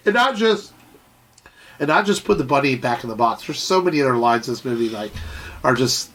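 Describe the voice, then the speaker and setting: A man talking casually as a podcast co-host, his voice slightly nasal from a cold. He rambles with lots of fillers and the odd swear word, in a middling pitch. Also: lively intonation, a little fast, a bit bright. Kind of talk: casual chat.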